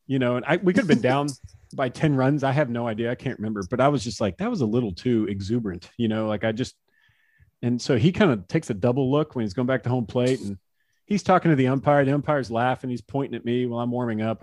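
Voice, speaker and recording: A man's voice: medium pitch, fast talker, dry recording. Laid-back man telling stories, dry sound. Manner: relaxed, laughs often, acts out quotes. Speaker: former baseball pitcher, guest. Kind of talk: casual interview storytelling.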